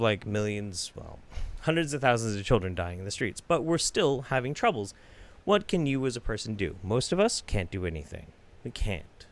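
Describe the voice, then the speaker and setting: Swearing man with a lively voice. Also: fairly low pitch. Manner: heavy swearing, swings between shouted rants and quiet asides. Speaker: host. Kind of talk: profane reaction commentary.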